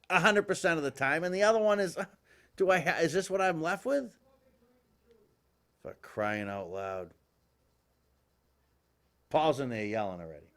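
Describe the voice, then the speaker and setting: Animated, exasperated male talk show host. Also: fairly high pitch, moderate pace, long pauses. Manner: animated, exasperated, rambling with restarts. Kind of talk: political talk show commentary. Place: live studio with guests.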